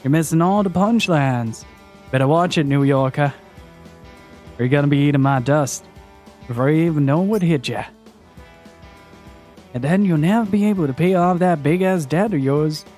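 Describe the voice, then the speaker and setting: A man voicing a cocky male rival journalist in a video game, boastful and taunting, reading the lines a little higher than his own voice. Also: moderate pace, pauses often, darkish tone, soft background music, natural voice.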